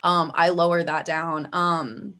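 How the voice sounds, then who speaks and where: A woman's voice: fairly low pitch, level tone, slow, a bit bright. Midwestern woman, vocalist guest, chatty and filler-heavy. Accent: Midwestern American. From Midwest US, Chicago area. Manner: chatty, frequent "like" fillers, laughs easily. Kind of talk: casual interview chat.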